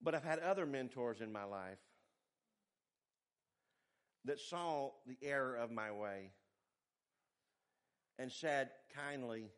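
A male pastor, preaching a sermon with animated swings between loud emphasis and quiet asides. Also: takes it slowly, long pauses. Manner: animated preaching, pitch and volume rising and falling widely.

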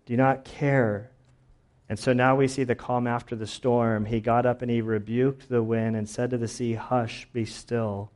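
A young adult man preaching a sermon in an easygoing, chatty way. He keeps a middle-pitched voice and fills his talk with fillers. He acts out bits of the story in small quoted asides. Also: little pitch movement, normal speed, a little mellow. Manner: casual, conversational preaching with many fillers and acted-out quotes. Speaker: pastor.

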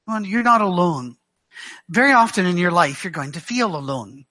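Sitting high in pitch, this middle-aged man's animated voice sounds pushed and bright as he delivers a guest sermon in a Glaswegian Scottish accent. He tells stories to the church with dry humor, often stopping and restarting.

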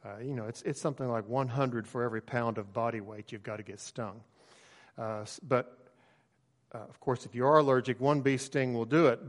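Man preaching in a reverberant hall. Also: medium pitch. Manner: relaxed storytelling with frequent fillers. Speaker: pastor. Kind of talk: sermon.

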